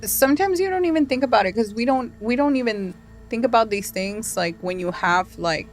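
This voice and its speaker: A woman hosting a podcast, chatting in a relaxed way and often answering with short agreeing sounds. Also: a little high, a little fast. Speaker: podcast host. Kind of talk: casual chat.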